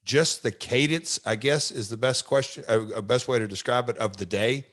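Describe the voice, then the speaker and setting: A middle-aged man, a wrestler hosting a podcast, telling a story in a reflective, halting way. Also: medium pitch, a bit bright. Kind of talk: casual podcast chat.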